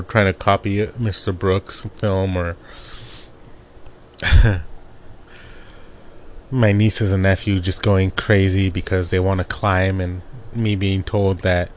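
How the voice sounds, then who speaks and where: A young man from Arizona rambles through a relaxed personal monologue from home, his voice sitting fairly low. He drifts between memories and often laughs as he talks. A faint hiss of noise runs under his desk mic. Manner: rambling, laughs often while telling stories. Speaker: podcast host. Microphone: own desk microphone.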